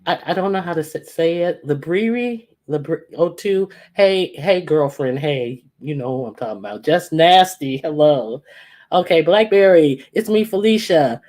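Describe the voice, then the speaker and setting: A woman's voice: low-pitched, normal speed, a little mellow. A woman hosting a casual livestream, reading out viewers' names one by one and teasing them playfully. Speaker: livestream host. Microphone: computer or phone mic with echo.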